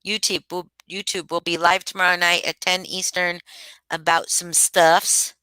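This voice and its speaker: A sleepy woman chats loosely with her livestream viewers from home and calls them by name. Her voice sits a little low but has a bright, forward edge. The sound is dry and close. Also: little pitch movement, unhurried, smooth, no room sound, rough recording. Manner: rambling and chatty, addressing viewers by name. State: sleepy and yawning. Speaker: livestream host. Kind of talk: casual chat with livestream viewers.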